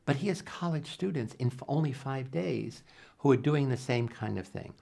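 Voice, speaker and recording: An older man, a psychologist, answering interview questions in an earnest, animated way, acting out quoted dialogue and often restarting his sentences. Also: mid-range voice, normal speed, vocal fry. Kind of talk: reflective interview storytelling.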